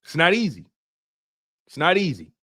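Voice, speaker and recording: Lively high-voiced man hosting a sports stream. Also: moderate pace, slightly rough. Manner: animated, teasing chat readers by name. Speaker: sports podcast host. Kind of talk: casual live stream talk.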